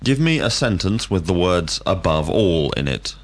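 A deep-voiced male teacher runs a scripted vocabulary drill. His pitch rises and falls widely as he puts each question clearly and deliberately. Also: big pitch swings. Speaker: language teacher.

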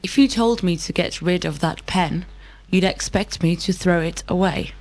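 A woman's voice: lowish voice, moderate pace, a little mellow, dry recording. A woman answering lesson questions in precise, complete sentences. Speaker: model student. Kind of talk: scripted drill answers.

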